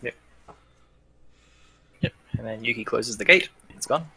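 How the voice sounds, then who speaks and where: A man's voice: mid-range voice, animated, measured pace, bright, forceful tone, husky. A man narrating as game master of a tabletop role-playing game, hesitant and full of fillers and restarts.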